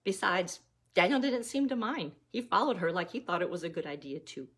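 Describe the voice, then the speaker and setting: Low-voiced woman reading a story aloud. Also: animated, a little fast, breathy edge. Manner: gentle, like a mom reading to her kids. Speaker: author reading her own novella.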